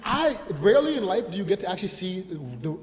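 A man telling stories in a casual podcast chat, animated and laughing often as he acts out what people said. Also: high-pitched, fairly quick, long reverb tail. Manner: animated, acts out quoted voices, frequent laughter. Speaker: comedian.

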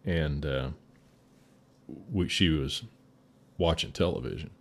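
Very deep-voiced middle-aged man telling stories. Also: slow. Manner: animated anecdotal storyteller, gets loud in punchlines. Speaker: fire service veteran guest. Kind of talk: casual storytelling chat.

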